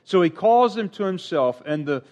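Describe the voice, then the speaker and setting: A middle-aged male preacher with a slightly higher-than-usual voice delivers a sermon. He is earnest and emphatic, jumping up for key points and dropping soft at the ends of phrases. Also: lively intonation, normal speed. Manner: earnest, emphatic preaching with sudden pitch rises and quiet trailing endings.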